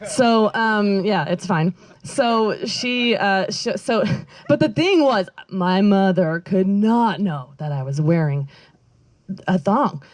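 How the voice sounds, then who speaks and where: A woman's voice: medium pitch, animated, slow, a little mellow. Rambling, giggly woman comic. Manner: rambling, self-interrupting, giggly delivery. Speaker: stand-up comedian. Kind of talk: stand-up storytelling. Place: outdoor backyard show.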